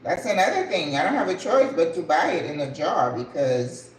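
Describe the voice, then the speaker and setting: An older woman hosting a cooking vlog, chatting casually and exclaiming excitedly over the food as she plates it. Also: fairly low pitch, normal speed, roomy sound, slight background noise, poor audio.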